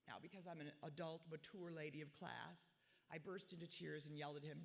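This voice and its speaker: A woman's voice: low voice, steady tone, fairly quick, vocal fry. A woman in her forties giving a speech at a gala in a large hotel ballroom, blunt and self-mocking. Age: 40s. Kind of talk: reading a personal diary-style speech. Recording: reverberant ballroom, long echo.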